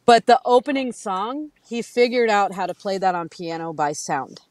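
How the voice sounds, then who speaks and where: A woman in her thirties chatting casually, telling lively stories and acting out quotes with frequent laughter. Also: mid-range voice, normal speed, no room sound, rough recording. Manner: animated storytelling, acts out quotes, laughs often. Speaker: guest. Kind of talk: casual chat.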